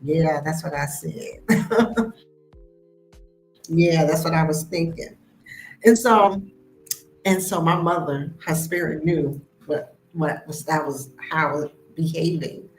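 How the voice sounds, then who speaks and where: A woman hosting a live stream, telling a personal story in a lively way and acting out the voices of the people in it. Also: sits low, takes it slowly, pauses often. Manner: animated, acts out the voices in her story. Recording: echoey room with faint music behind.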